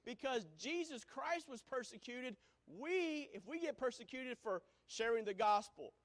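A man preaching a sermon, swinging from booming exclamations to hushed lines and breaking into sung hymn phrases. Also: lively intonation, measured pace.

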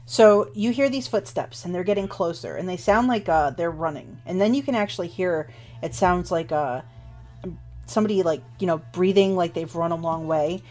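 Unhurried woman narrating a tabletop game. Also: on the low side, darkish tone, soft background music. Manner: unhurried, with many fillers like um and kinda. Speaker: game master.

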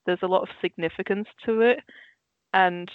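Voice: medium pitch, steady tone, normal speed, no room sound. A young adult from the Netherlands with a Dutch accent, chatting as a podcast co-host in a passionate, rambling way and laughing easily. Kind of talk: casual chat. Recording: dull lo-fi sound.

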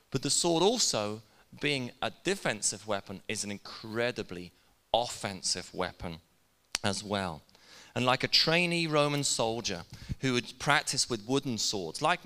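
A man preaching a sermon in a conversational, energetic way, with casual asides to the congregation in a church. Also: mid-range voice, creaky, in a large hall. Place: church hall.

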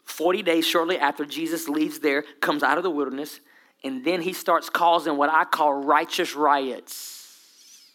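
A man preaching a sermon with humor, dramatic whispers and sudden loud bursts. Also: fairly high pitch, fairly even intonation, measured pace. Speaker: pastor.

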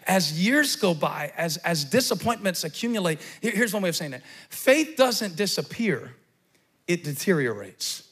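A middle-aged pastor preaching a sermon to a congregation in a large church, moving from quiet, close talk to loud, shouted emphasis. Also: male voice, high-pitched, big pitch swings, normal speed, husky.

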